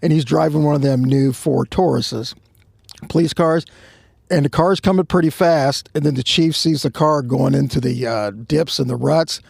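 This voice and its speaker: A man with a gravelly, fry-edged voice tells a tale outdoors at a truck stop. He is animated and shouts the lines he quotes. His voice sits a little high for a man and sounds dry and close. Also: normal speed, no room sound. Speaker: podcast co-host telling a story. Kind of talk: casual storytelling.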